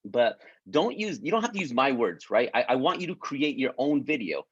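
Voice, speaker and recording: A male business coach leads an online group in a casual pep talk, his medium-pitched voice very animated, moderate in pace, a bit bright and husky. He's repetitive, restarts often with stumbles, keeps asking "right?", and encourages and pleads with listeners. The sound is close, dry with no room sound, and muffled lo-fi.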